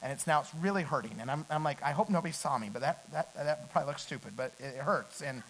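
A middle-aged man preaching a sermon. He climbs to loud, emphatic peaks and then drops back to a quiet storytelling tone. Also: a little high, fast, slight background noise, rough recording.

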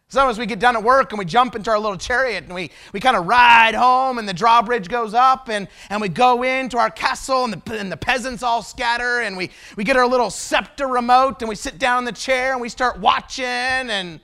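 A man's voice: very high voice, normal speed, pushed and bright. A male traveling preacher giving a sermon, telling personal stories in a conversational way and asking the audience rhetorical questions.

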